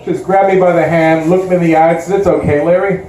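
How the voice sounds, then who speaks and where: A man's voice: on the high side, flat delivery, fast, dark tone, a little hiss or hum. A man from Chicago doing a self-deprecating stand-up comedy set, with many likes and uhs. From West Side Chicago. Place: comedy club stage. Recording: echoey comedy club sound. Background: audience laughter.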